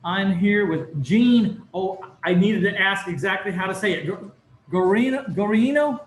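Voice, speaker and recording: A man's voice: high-pitched, normal speed. A man hosting a podcast in a loose, casual way, full of fillers and restarts. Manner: rambling, filler-heavy, self-correcting. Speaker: podcast host. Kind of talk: casual interview chat. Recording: roomy with faint background noise.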